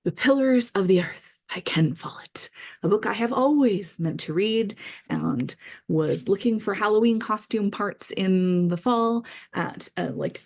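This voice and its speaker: A woman's voice: medium pitch, darkish tone. A middle-aged woman author chatting enthusiastically through her reading pile in a casual vlog, with frequent fillers. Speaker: author vlogger. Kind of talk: casual book-list vlog.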